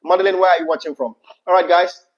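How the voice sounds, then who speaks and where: Ghanaian man co-hosting a live chat, Pidgin mixed in, fairly high voice, lo-fi audio. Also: fairly even intonation, fast. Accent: Ghanaian English. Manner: laughs often, slips into Pidgin. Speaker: livestream co-host. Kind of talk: casual livestream chat.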